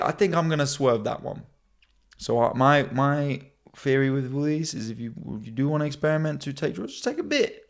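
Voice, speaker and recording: A young comedian with a gravelly edge to his middle-pitched voice, rattling off stories from his own life. He keeps it casual and animated, and his voice shoots up high whenever he imitates the people in his stories. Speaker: comedian and podcast host. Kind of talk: casual storytelling monologue.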